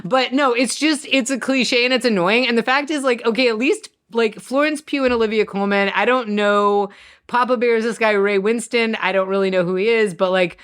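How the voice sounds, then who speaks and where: A woman's voice: fairly high pitch, normal speed, fairly bright tone, smooth. A woman in her thirties co-hosting a casual movie review chat, chatty and rambling, often correcting herself mid-sentence. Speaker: podcast co-host.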